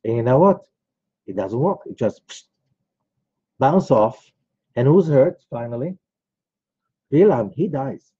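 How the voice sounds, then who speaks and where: A man's voice: medium pitch, expressive, a little slow, pauses often, dark tone, slightly rough, dry recording. A man, a rabbi, teaching a class in a conversational way, telling personal stories with many asides. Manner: conversational, rambling, with frequent asides. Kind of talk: informal lecture with storytelling. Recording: dull, lo-fi recording.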